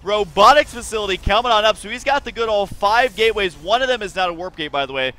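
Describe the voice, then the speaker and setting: A young man calls a strategy game match in a high, bright, cutting voice. He mixes play-by-play with jokes and mock scolding of the players. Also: expressive, fast. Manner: joking, teasing, mock-scolding. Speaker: game caster. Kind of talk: esports play-by-play commentary.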